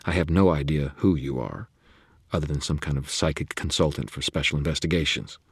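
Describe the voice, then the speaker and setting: A wary young woman reporter, firm and curt, keeping strangers at arm's length, as a deep-voiced male narrator puts her on. The voice is husky and the recording sounds dry and close. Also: a little fast, no echo, heavily acted. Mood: guarded. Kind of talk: audiobook reading.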